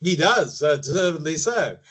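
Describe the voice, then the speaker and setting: A man talks as a guest on a podcast interview, with a voice that sits a touch higher than most men's. He explains things in a measured way and often pauses to rephrase a thought before carrying on. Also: lively intonation, a bit bright, breathy edge, low-quality recording. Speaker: media trainer guest.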